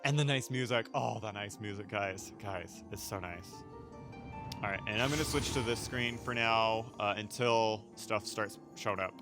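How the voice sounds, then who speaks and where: A man's voice: lowish voice, normal speed, music in the background. A man casually commenting on a game as he plays, rambling with fillers and frequent laughs. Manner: rambling and giggly, many fillers and asides. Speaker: gaming streamer. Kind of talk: casual let's-play commentary.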